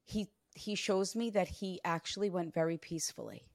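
A woman working as a psychic medium, earnestly relaying messages during a reading and often dropping into soft, hushed passages. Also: on the low side, normal speed, no room sound, studio quality. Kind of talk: spirit reading session.

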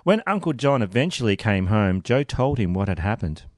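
Brief: male host, low and animated, sardonic true-crime narration, dry close mic. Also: normal speed, no room sound. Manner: sardonic, expressive. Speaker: podcast host.

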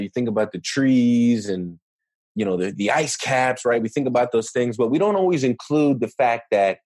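A man's voice: mid-range voice, a little mellow, no echo. A man speaking as a podcast guest, explaining in an earnest, conversational way and often adding "right?" to check in. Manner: earnest, explanatory, many rhetorical "right?" tags. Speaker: podcast guest, negotiation expert. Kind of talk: casual interview talk.

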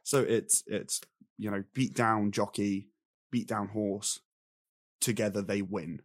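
A young man running through his notes in an exasperated, animated rant. His quoted character voices are mocking. The sound is dry and close. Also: on the low side, slow, no echo. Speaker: film review podcast co-host. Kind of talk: casual chat.

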